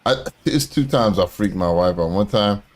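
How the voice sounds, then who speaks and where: A man's voice: lowish voice, moderate pace. A man hosting a casual chat, telling loose, profane stories with lots of fillers. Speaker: host.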